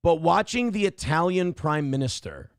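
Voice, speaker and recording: A man's voice: on the high side, lively intonation, normal speed, no echo, studio quality. A man hosting a morning show, giving blunt, profane and sarcastic commentary on the news.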